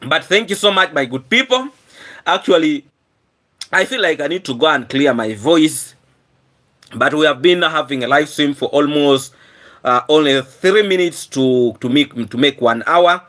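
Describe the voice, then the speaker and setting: A man with a hoarse voice chats on his live stream, his raised voice staying sharp and bright through the roughness. Pitched on the high side with lively intonation at normal speed, he keeps clearing his throat and earnestly thanks viewers again and again.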